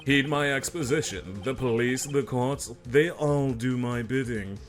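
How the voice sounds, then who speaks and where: A man's voice: mid-range voice, a little slow, pitched above the performer's own voice, lightly acted. A man voicing a smug, pompous rich villain in a fan dub of a game, with a theatrical, sneering manner.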